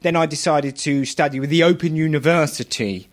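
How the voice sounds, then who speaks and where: Cockney comedian with a raised voice. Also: male voice, on the high side, fairly quick. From London. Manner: chatty storyteller, laughs at his own jokes. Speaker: stand-up comedian. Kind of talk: stand-up comedy routine. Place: theatre stage with a laughing audience.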